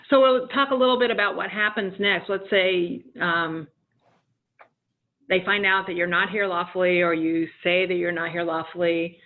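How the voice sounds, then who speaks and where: A woman giving a measured, explanatory webinar presentation on legal matters, with frequent ums. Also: lowish voice. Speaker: immigration attorney presenter. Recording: tinny phone-line audio.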